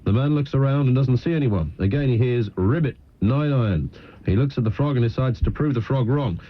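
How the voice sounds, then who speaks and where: A man's voice: medium pitch, quick pace. A man hosting late-night talk radio, telling a joke in a self-mocking way and laughing at his own material. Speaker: radio host. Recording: dull lo-fi radio broadcast.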